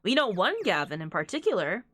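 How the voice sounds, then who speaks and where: A woman's voice: medium pitch, very animated, a little fast, a bit bright, dry recording. A woman streaming a visual novel, chatting casually and reading its lines aloud, laughing often between remarks.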